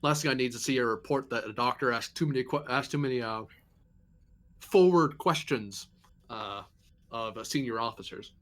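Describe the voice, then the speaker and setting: Man, first officer in a tabletop game, casual, joking, mid-pitched voice. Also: normal speed, fairly bright tone. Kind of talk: tabletop role-play in character.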